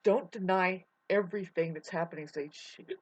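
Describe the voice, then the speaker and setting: A woman in a rambling spiritual monologue, emotional and swearing, drifting between soft musing and loud outbursts. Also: mid-range voice, a little slow. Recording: dull lo-fi audio.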